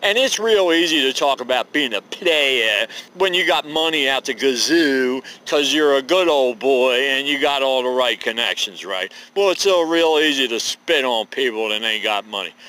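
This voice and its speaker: A man's voice: medium pitch, animated, moderate pace, bright, forceful tone, rough recording. A man in his fifties giving a rambling, profane, folksy monologue to camera as a vlogger. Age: 50s.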